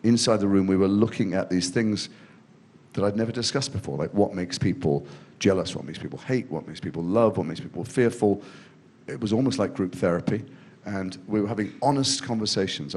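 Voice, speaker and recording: A middle-aged man from England talks in a fairly low voice as a guest in an interview. He tells long, rambling stories and pokes fun at himself as he goes. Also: a little fast, darkish tone, slight background noise. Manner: rambling self-deprecating storytelling. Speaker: guest actor. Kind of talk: in-depth interview conversation. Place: festival stage before a student audience.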